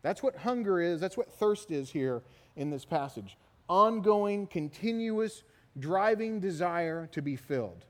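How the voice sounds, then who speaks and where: A middle-aged man preaching a sermon, telling stories in an animated way and often asking "right?". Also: high voice, unhurried. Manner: animated storytelling, repeated "right?" tags. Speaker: pastor. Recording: long hall reverb.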